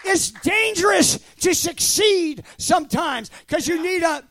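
A man in his sixties preaching a fervent sermon, shouting out phrases in loud bursts and laughing between stories. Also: very high voice, animated, a little slow. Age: 60s.

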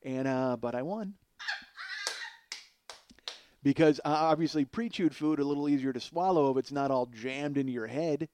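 A man hosting a podcast, telling a long comic story in a casual, animated and profane way, mocking himself. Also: medium pitch, moderate pace, long pauses, a little hiss or hum. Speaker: podcast host.

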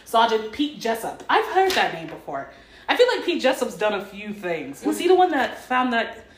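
A woman's voice: on the high side, very animated, normal speed. A woman chatting on a casual podcast, giggly and talkative, telling stories. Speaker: podcast guest. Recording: roomy with faint noise.

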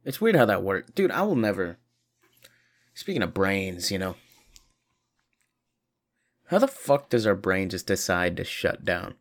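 A man's voice: low voice, big pitch swings, unhurried, pauses often. A tired man rambling profanely through a casual video monologue, short on sleep. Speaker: vlogger.

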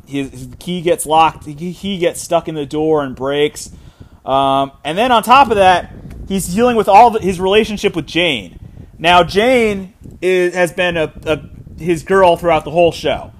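A man hosting a solo podcast, talking casually and rambling with fillers and restarts. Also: a little high. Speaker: podcast host. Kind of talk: solo podcast episode recap.

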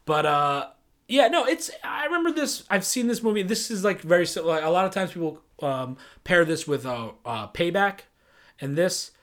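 A man's voice: high-pitched, sing-song, moderate pace, a bit bright. A man co-hosting a casual movie review podcast, recapping plots in a rambling way with lots of fillers. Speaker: podcast co-host. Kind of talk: casual film review chat.

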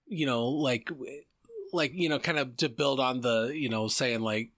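A man's voice: medium pitch, moderate pace, fairly bright tone, no room sound, studio quality. A man in casual podcast conversation, thinking aloud reflectively with frequent restarts. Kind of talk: casual chat.

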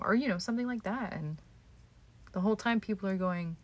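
A woman hosts a solo podcast from indoors at home, her mid-range voice fairly quick. She's candid and self-deprecating, swears freely, and sometimes drops to a whisper.

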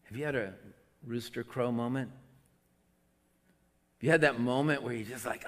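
A man delivers a sermon at a mid pitch. He swings between loud, emotional outbursts and quiet, conversational asides. His voice rings out in a hall with long reverb. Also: moderate pace, long pauses. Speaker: pastor.

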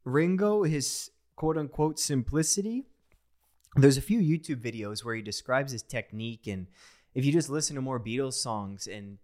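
A young man enthusiastically talking through a song as a reaction host, in a rambling, excited way. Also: medium pitch. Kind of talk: casual reaction commentary.

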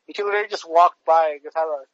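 A man, talking haltingly with lots of fillers in a casual podcast chat. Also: a little high, muffled recording. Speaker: podcast co-host.

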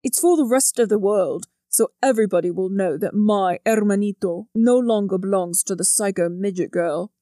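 A woman's voice: mid-range voice, normal speed, hardly any pauses, warm tone, no echo, clean studio sound, natural voice. A woman voicing a protective teenage older brother in a storybook reading, speaking bluntly and scornfully.

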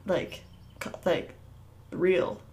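A woman co-hosting a movie podcast, talking in a relaxed, hesitant way with many fillers. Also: extremely slow. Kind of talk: casual movie podcast chat.

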